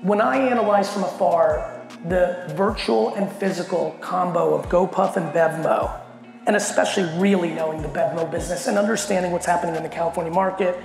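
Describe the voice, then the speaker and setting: A middle-aged man giving a blunt, animated keynote to a company audience and swearing constantly as he tells a story. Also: high-pitched, a little fast, creaky. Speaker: keynote speaker. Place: large hall at a company event. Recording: echoey hall with faint music.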